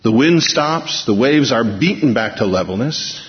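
A man preaching a sermon in a storytelling way, acting out the lines of the people in the story and changing his pace and loudness. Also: medium pitch, expressive, unhurried. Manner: storytelling, acts out quotes with shifting pace and volume. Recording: dull, muffled sound in a long-reverb hall.

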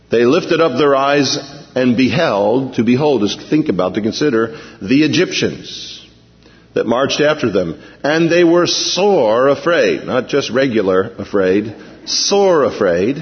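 A man preaching a sermon in a lively storytelling manner, often acting out the panicked cries of the people in the story. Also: on the high side, long reverb tail, highs cut off. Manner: animated, acts out frightened voices of the people in the story. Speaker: pastor.

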